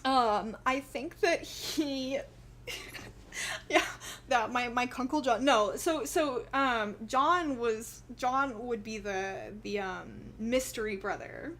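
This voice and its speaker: A woman's voice: fairly high pitch, takes it slowly, a bit bright, a little hiss or hum. Giggly young woman rambling through a story. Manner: giggly, rambling, laughs often. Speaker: vlogger. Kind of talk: casual storytelling vlog.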